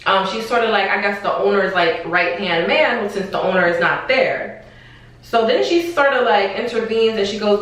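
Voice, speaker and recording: A young woman telling a story in a casual vlog, in an animated, exasperated way, with slang and swearing. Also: medium pitch, normal speed. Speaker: vlogger. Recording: echoey room, far from the mic.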